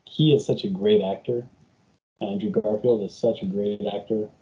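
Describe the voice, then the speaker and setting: A man's voice: on the low side, fairly even intonation, normal speed, mellow. A man co-hosting a casual chat, giving emphatic opinions with stumbling restarts. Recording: dull lo-fi sound.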